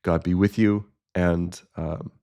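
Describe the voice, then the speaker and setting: A man's voice: sits low, steady tone, takes it slowly, gravelly, mellow, smooth. A man who teaches courses, talking casually and earnestly to his viewers, rambling with many fillers and restarts, from his own recording studio. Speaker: course instructor. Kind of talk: casual solo talk to viewers.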